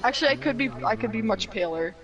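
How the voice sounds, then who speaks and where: A woman's voice: on the high side, animated, quick pace, muffled recording, crowd noise. A young woman playing a game alongside a friend, trading dry, teasing banter in casual chat. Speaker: co-player.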